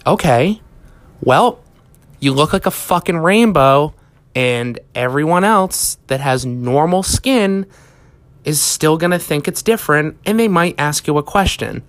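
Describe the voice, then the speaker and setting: A man's voice: fairly high pitch, animated, measured pace, fairly bright tone. A man hosting a comedy podcast, delivering a profane, exasperated rant monologue. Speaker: podcast host.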